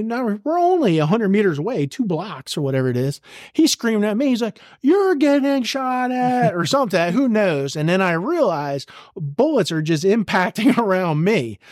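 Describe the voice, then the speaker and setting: The voice is high: a middle-aged retired army sergeant major telling intense war stories on a podcast as an interview guest. He's blunt and profane and vividly acts out shouted orders, recorded at studio quality with no echo.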